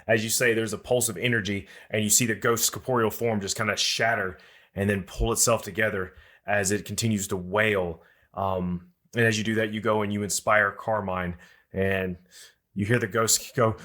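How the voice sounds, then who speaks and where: A man narrating and running a tabletop role-playing game as game master, describing scenes in a relaxed way. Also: fairly low pitch. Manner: relaxed, descriptive, quick with questions.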